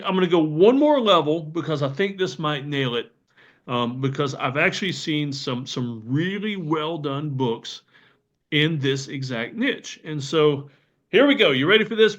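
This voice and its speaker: A man's voice: a little high, fairly bright tone. Chatty man hosting a podcast. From Southern United States. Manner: chatty, enthusiastic, many fillers and restarts. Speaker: podcast host. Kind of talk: casual solo podcast talk. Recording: slightly dull lo-fi audio.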